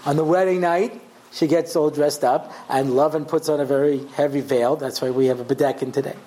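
A man's voice: fairly high pitch, fairly even intonation, fairly quick, dark tone, poor audio. A man, a rabbi, teaching a class in a conversational storytelling way, often checking in with his listeners. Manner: conversational, tells stories acting out the voices, checks in with "yeah?". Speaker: rabbi giving a Torah class. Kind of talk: lecture with storytelling.

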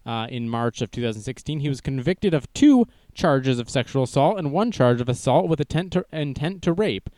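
A man's voice: medium pitch, animated, a little fast, hardly any pauses, darkish tone, dry recording. A young man hosting a casual livestream news show, joking and self-deprecating as he goes. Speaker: news stream host.

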